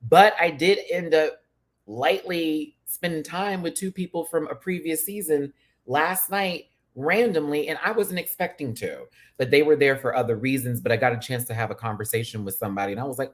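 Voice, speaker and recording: A man hosting a casual livestream chat as a drag performer, sassy and chatty, with sudden high-pitched exclamations. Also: a little fast. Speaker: YouTube host and drag performer.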